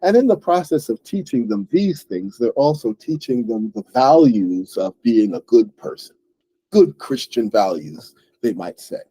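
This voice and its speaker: Man teaching English, lively voice. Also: mid-range voice, breathy edge, dry recording. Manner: explains slowly and plainly, checks in with "right?". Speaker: English teacher, book club host. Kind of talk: English lesson for learners.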